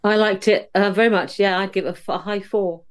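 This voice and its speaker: A woman giving a thoughtful, measured film summary in a casual podcast chat over a video call. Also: mid-range voice, steady tone, smooth. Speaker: podcast co-host.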